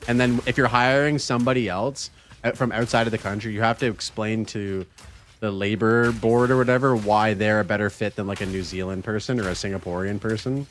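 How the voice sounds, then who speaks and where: A man's voice: fairly low pitch, steady tone, a little fast, fairly bright tone, a little hiss or hum. A man streaming a game, casually chatting with his viewers in a laid-back, rambling way. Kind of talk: casual gaming stream chat.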